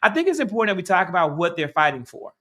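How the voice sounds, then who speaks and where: A man's voice: high-pitched, sing-song, rapid-fire, pushed and bright. A middle-aged man from Mississippi with a Southern accent, co-hosting a casual political chat, rambling and swearing freely. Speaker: co-host.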